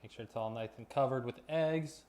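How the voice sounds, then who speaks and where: A man's voice: medium pitch, a little fast. Easygoing man telling stories while cooking. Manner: relaxed storytelling with jokes. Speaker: cooking vlogger. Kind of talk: casual cooking vlog.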